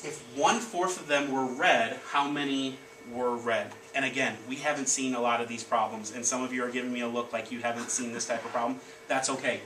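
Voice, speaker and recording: A man teaching a class of children, leading the lesson with energetic call-and-response prompts. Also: medium pitch, fairly quick, hardly any pauses. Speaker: elementary school teacher. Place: elementary school classroom. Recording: echoey classroom, distant mic, background noise.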